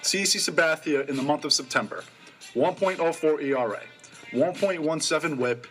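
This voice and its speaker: A young man co-hosting a college radio sports show, rattling off stats quickly and eagerly. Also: on the high side, fairly bright tone, soft background music. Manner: quick, stat-heavy, enthusiastic.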